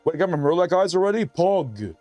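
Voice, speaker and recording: A man's voice: sits high, sing-song, brisk, a little mellow, dry recording, soft background music. A man streaming a game, chatting casually and profanely while reading his chat aloud.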